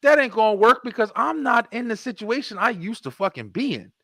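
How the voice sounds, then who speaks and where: A middle-aged man hosting a podcast, telling stories in an animated, profane way. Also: very high-pitched, fairly quick, no echo, studio quality. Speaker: podcast host. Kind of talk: casual podcast chat.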